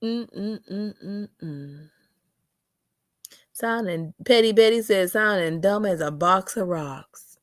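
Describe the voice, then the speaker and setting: A sassy young woman reads chat comments on her livestream, drawling out asides. Her voice sits at a middle pitch. The mic is close and dry. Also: slow, no room sound.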